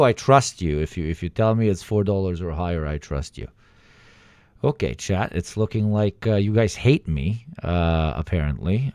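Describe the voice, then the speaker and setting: A man hosting a livestream in casual chat, excitable and swearing, pleading loudly with his viewers. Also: deep voice, no room sound. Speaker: livestream host.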